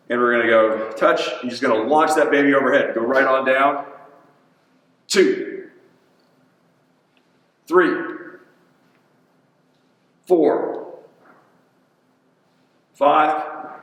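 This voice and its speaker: A man's voice: mid-range voice, a bit bright, far from the mic. A man, a personal trainer, coaching an exercise demo in a gym in an upbeat, chatty way and counting reps aloud. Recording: echoey gym, voice from off-mic.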